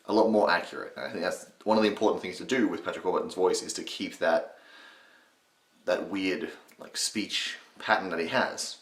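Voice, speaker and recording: Low-voiced young man, casual tutorial. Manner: rambling and casual, with swearing and restarts. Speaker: channel host teaching impressions. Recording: echoey room.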